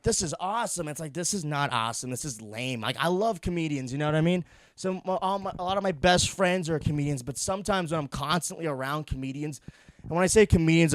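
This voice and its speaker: A young man hosting a solo podcast, rambling crudely, swearing, and laughing at his own dark jokes. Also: on the high side, clean tone, no room sound, clean studio sound. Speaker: podcast host.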